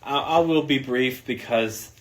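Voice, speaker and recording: A man co-hosting a casual podcast, giving animated, opinionated movie reviews and laughing easily. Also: mid-range voice, a little slow, a little hiss or hum. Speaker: podcast co-host.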